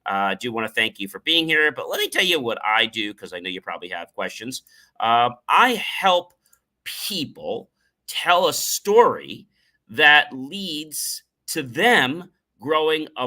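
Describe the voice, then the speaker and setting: A man, middle-aged, hosts a motivational talk show in a sharp, ringing voice. He talks with energy and repeats key phrases for emphasis. He sometimes slips into acted examples of different tones of voice. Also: medium pitch, sing-song, measured pace. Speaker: show host.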